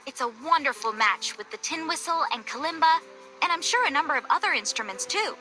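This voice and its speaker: A woman's voice: high-pitched, lively intonation, brisk, sharp tone, faint music behind, rough recording. A woman voicing a gracious young female star musician who is courteous and gushes over instruments in a game. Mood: enthusiastic.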